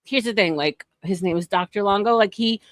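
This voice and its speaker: Rambling livestream host. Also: female voice, medium pitch, fairly quick, dry recording. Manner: rambling, filler-heavy, laughs often. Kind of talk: casual livestream chat.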